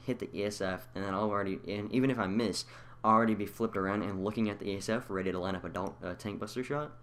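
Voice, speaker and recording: A man's voice: low voice, slight background noise. A young man giving casual, rambling gameplay tips over his own footage, full of fillers and restarts. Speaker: gaming video creator. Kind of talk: casual gameplay tutorial commentary.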